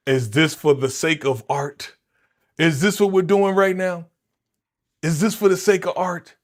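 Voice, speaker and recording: A man hosting a live movie reaction stream, talking in a slangy, animated way and exclaiming his disapproval, often repeating himself and speaking straight to his viewers. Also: a little high, a little slow. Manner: slangy, addresses viewers directly. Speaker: reaction channel host.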